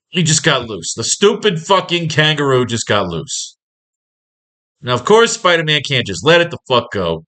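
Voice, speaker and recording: A man's voice: on the high side, animated, fairly quick, sharp tone. Foul-mouthed sarcastic male writing teacher. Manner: profane, sarcastic, rambling. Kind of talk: casual profane lesson, comic recap.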